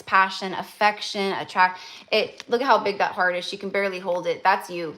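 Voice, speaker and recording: A woman's voice: medium pitch, fairly bright tone. Young woman, tarot reader, live-stream reading, gushing, lots of filler words. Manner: gushing, effusive, many fillers and restarts.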